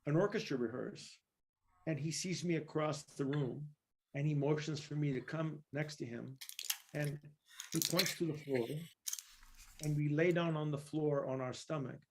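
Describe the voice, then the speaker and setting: This man, a guest percussionist from East Los Angeles, California, has a slightly high voice and a moderate pace, with a little hiss or hum in the audio. Chatting in a casual interview, he wanders through anecdotes, restarting often, leaning on fillers, and laughing as he goes.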